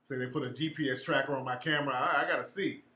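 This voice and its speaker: A man's voice: mid-range voice, steady tone, fast, bright, forceful tone. Blunt slangy man in an echoey room. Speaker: host answering viewers. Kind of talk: casual livestream chat.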